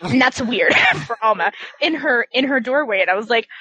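A woman's voice: a little high, normal speed, rough recording. A woman in casual chat, telling an anecdote with lots of laughter. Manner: animated storyteller, laughs often.

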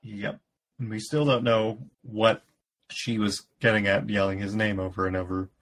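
A man co-hosting a casual podcast, calmly summarizing a story and laughing along. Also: lowish voice, normal speed, low-quality recording. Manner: relaxed and matter-of-fact, laughs at the jokes. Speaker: podcast co-host. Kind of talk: casual chat, retelling a story.

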